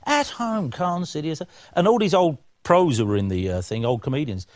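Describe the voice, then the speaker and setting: A man telling stories in a studio interview, acting out the voices of people in them, lively and chatty. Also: a little high, brisk, dry recording. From England. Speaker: interview guest. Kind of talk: animated anecdotal storytelling.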